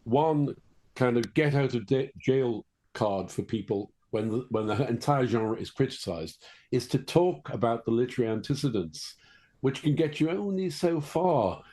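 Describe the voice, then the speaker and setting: An older man with a Liverpool accent, a guest author telling stories in a measured, reflective way during an interview. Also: medium pitch, expressive, dark tone. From Liverpool, England. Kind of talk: conversational interview.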